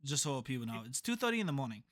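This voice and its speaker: A man's voice: mid-range voice, big pitch swings, rapid-fire, fairly bright tone. A man co-hosting a podcast, telling a story in casual chat, rambling and laughing often. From a reservation community. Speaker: podcast co-host.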